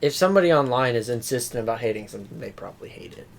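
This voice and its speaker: A man co-hosting a podcast in casual chat, joking around and quick to laugh. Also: medium pitch, animated, creaky. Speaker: podcast co-host. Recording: faint background noise.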